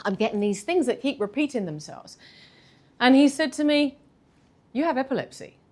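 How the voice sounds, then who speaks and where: A woman, telling a candid personal story in a talk, animated and self-deprecating. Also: sits high, moderate pace. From London. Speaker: speaker giving a talk.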